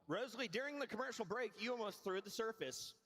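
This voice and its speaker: High-voiced male esports desk host. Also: animated, quick pace. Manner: upbeat, announcer-style. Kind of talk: live broadcast hosting. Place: live event venue desk. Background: loud music.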